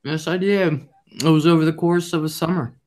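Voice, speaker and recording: A woman's voice: deep voice, steady tone, moderate pace, darkish tone. An older woman hosting a live chat show, telling rambling, profane stories in a blunt way and reading out viewer comments.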